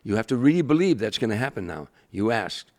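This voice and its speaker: An older comedian telling stories in an interview, animated and acting out the people he quotes. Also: fairly low pitch, fast talker. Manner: animated storyteller, acts out quoted voices. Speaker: guest, comedian. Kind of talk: storytelling interview.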